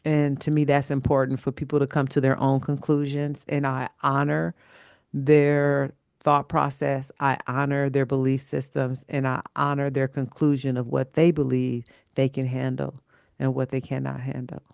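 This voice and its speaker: A man, a holistic self-love coach, talking through a reflective vlog in a slow, measured, gentle way, repeating words for emphasis. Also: mid-range voice, monotone, vocal fry, clean tone, no room sound, studio quality.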